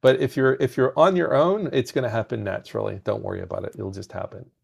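Gravelly man telling lively stories. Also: medium pitch, fast. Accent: softened foreign accent. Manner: animated anecdotes, repeats words when starting sentences. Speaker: podcast guest, game industry founder. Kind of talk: conversational storytelling.

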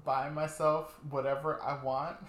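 Sassy young new guy cohosting a podcast, kinda high voice, roomy echo. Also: a bit bright. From New York. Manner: sassy, playful, swears freely. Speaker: podcast co-host. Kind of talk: casual chat.

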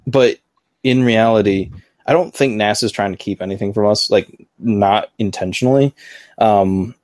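A man with a lowish, mellow voice hosts a casual livestream podcast. He rambles easily and fills his talk with "um" and "like." The recording is close and dry. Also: moderate pace, no echo. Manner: rambling, filler-heavy, easygoing. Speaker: podcast host.

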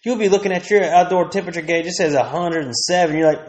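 Man, thirties, crude rambling rant, fairly high voice, echoey room. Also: fast, hardly any pauses. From Texas. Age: 30s. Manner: crude, rambling, laughs often. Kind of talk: profane comedic rant.

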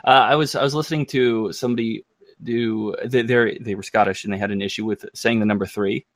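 An American man co-hosts a podcast in loose, rambling conversation, often cutting himself off to restart sentences and quick to crack jokes. His voice is fairly low and steady, with no echo.

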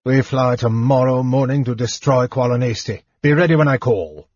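A man voicing a commanding, mocking male warlord in an audiobook, barking his orders loudly. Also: medium pitch, moderate pace, husky, no room sound, lo-fi sound, natural voice.

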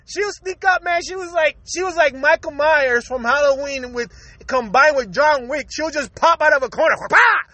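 High, bright-voiced man telling a laughing story. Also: moderate pace, no room sound. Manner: profane, laughs constantly, animated and emphatic. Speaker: podcaster recalling his own episode. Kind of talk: casual comic storytelling.

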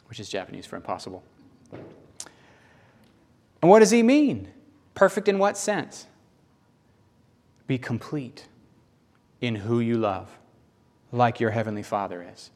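A man with a Southern US accent preaching a sermon, animated and folksy, acting out little voices and jokes. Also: fairly low pitch, unhurried, long pauses. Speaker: pastor.

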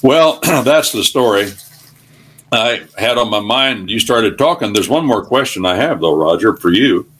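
Older male radio guest, low voice, folksy preacher-style storyteller who rambles. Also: expressive, measured pace, a bit bright, slightly rough.

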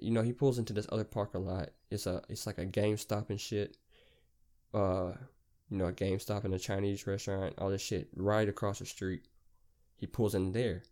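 A man hosting a podcast, telling a long story in a rambling, profane, casual way. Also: fairly low pitch. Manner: rambling, profane, animated retelling. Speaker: podcast host.

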